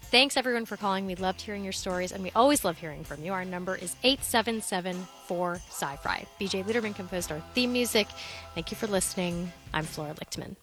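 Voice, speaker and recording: Bright-voiced woman radio host. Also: medium pitch, fairly quick, faint music behind. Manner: upbeat, conversational. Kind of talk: scripted radio presenting.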